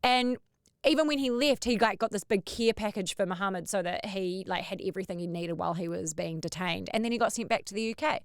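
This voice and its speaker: A woman, hosting a podcast and telling a story in a casual, animated way, acting out the voices she quotes. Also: mid-range voice, fast talker, dry recording, clean studio sound. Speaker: podcast host.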